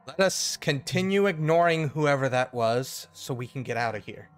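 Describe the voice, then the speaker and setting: A man's voice: mid-range voice, animated, normal speed, clear, resonant tone. A man playing a tabletop game over a call who jokes and narrates his character's actions in third person. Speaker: player. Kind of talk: casual tabletop role-play.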